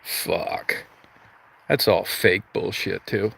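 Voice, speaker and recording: A man's voice: deep voice, fairly even intonation, very slow, gravelly, a bit bright, slight background noise. A man hosting a livestream, ranting crudely with constant swearing and mock outrage. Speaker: livestream host. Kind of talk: profane comedic rant.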